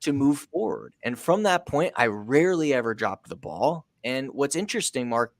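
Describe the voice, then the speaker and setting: Energetic man telling a story, dry sound. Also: medium pitch, moderate pace, dry recording. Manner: energetic, emphatic, acts out a coach's pep talk. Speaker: podcast guest, sales coach. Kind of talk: storytelling in an interview.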